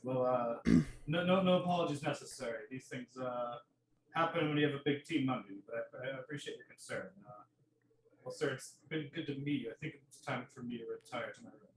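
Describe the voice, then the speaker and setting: A man's voice: medium pitch, a little fast, reverberant, far from the mic, a little hiss or hum, rough recording. A man playing a polite, hesitant passenger in a tabletop game, with stammered restarts. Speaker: player. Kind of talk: in-character roleplay.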